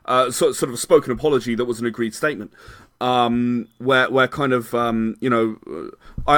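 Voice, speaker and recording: A man's voice: medium pitch, fairly even intonation, moderate pace, a bit bright, dry recording, clean studio sound. A man, a game designer chatting as a podcast guest, rambling and qualifying himself with frequent laughs. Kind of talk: casual podcast interview.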